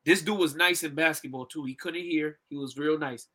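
A man co-hosting a podcast in casual chat, an animated storyteller who laughs often. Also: a little high, moderate pace. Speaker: podcast co-host.

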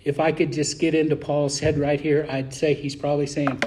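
High-voiced impassioned preacher man. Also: little pitch movement. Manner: impassioned, shifting between loud emphasis and slow, low, deliberate delivery. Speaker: pastor. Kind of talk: sermon.

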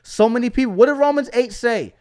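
Male preacher-host, high voice, emphatic exhorting delivery with lots of call-outs. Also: fast talker, darkish tone, clean tone. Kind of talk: energetic preaching.

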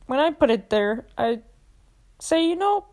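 A woman's voice: high-pitched, expressive, takes it slowly, darkish tone. A young woman hosting a podcast, earnestly guiding listeners through a self-help exercise and getting emotional at times. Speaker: podcast host.

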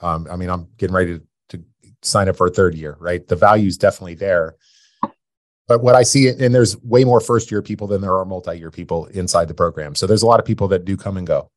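A man's voice: low-pitched, steady tone, fast talker, dry recording, clean studio sound. A man hosting a podcast, talking with his guest in a casual, encouraging way. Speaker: podcast host. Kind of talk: casual interview chat.

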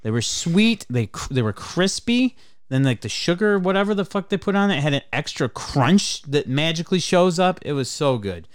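A man hosting a podcast, telling a story in a casual, animated way, swearing often and laughing. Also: a little high, moderate pace, smooth, dry recording, studio quality. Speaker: podcast host.

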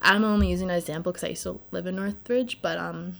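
A woman's voice: on the low side, steady tone, quick pace, creaky, a bit bright. A woman from New Jersey, a podcast guest chatting casually, blunt and full of filler words, swearing freely. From Northern New Jersey. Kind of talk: casual chat.

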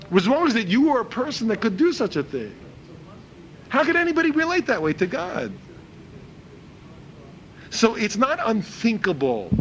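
Animated, lively-voiced man teaching religion. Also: low-quality recording. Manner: animated, repeats words while searching for phrasing; acts out quoted speakers in a higher voice. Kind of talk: informal religious lecture.

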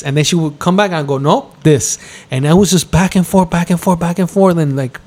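Heated middle-aged man, dark voice. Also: a little fast. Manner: heated, animated storytelling, mimics others in a higher voice. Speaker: podcast host. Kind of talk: casual chat.

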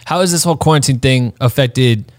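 A man's voice: medium pitch, a little fast, no room sound, studio quality. Laid-back slangy male podcast host. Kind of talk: casual interview chat.

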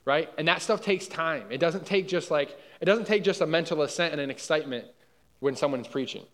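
A man's voice: fairly high pitch, a little fast, a bit bright. A young man preaching a conversational sermon in a church hall, casual and often checking in with his listeners. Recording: long hall reverb.

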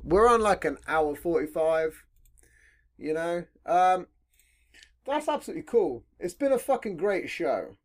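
A man talking loosely on his own podcast, his pitch bouncing all over as he rambles. He swears in nearly every sentence and keeps looping back on his own thoughts. The tone is an easygoing, unscripted chat between friends. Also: unhurried. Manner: swears constantly, rambling, lively. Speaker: podcast host. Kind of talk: casual chat.

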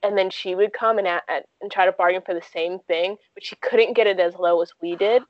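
A woman's voice: lowish voice, fairly even intonation, a little fast, no room sound, muffled recording. A woman in her twenties telling stories casually in an interview, with lots of "like" and "um" fillers. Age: 20s. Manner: chatty, frequent "like" and "um" fillers. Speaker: guest.

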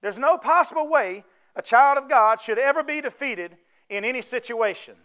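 A man's voice: very high voice, expressive, normal speed, bright, forceful tone. A man preaching a sermon, folksy and conversational, often asking the congregation to answer back.

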